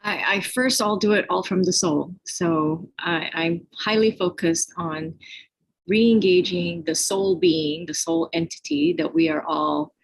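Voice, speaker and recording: Low-voiced Filipina guest speaking earnestly. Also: female voice, unhurried, creaky, slightly rough, poor audio. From Philippines. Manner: earnest, spiritual talk with fillers. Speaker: podcast guest. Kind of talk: casual interview answers.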